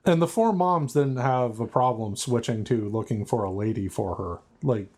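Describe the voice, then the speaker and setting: A man's voice: medium pitch, moderate pace, a little mellow, husky. A man on a podcast panel, chatting casually and tossing out sarcastic quips with frequent laughs. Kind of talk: casual roundtable chat.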